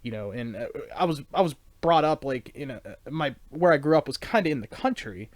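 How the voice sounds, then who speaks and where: A man's voice: mid-range voice, animated, brisk, no room sound. A man from the United States, a podcast guest, chatting in an easygoing, storytelling way. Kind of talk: casual chat.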